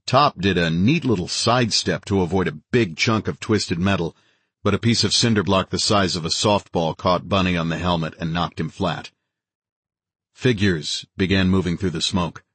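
A man narrating an audiobook in a steady, dramatic reading of scripted narration. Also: sits low, normal speed, slightly rough, no echo.

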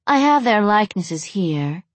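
A woman's voice: medium pitch, sing-song, a little slow, no echo, voice pushed up. A woman voicing a blunt, disdainful undead woman who mocks her guests in a storybook reading. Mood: sardonic. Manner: mocking, blunt.

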